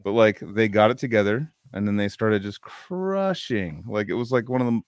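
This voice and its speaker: Tipsy, rambling deep-voiced man. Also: expressive, normal speed, dry recording, clean studio sound. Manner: rambling, profane, filler-heavy storytelling. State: drunk. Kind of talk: casual chat.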